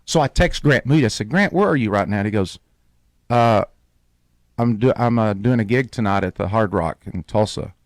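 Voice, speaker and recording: Male radio host, lively storyteller, dry close mic. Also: fairly low pitch, normal speed, no echo. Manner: animated storyteller, acts out quoted voices.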